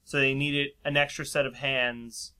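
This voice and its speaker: A man's voice: medium pitch, flat delivery, a little slow, bright, forceful tone, smooth. A man casually telling a long story in a chat, rambling and laughing often. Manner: rambling, laughs often, acts out quoted voices.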